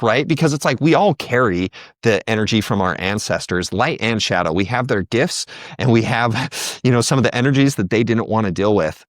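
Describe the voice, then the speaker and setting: In a conversational podcast interview, a male guest speaks briskly at medium pitch, passionate and animated, often quoting others and doing their voices. The studio sound is clean with no echo.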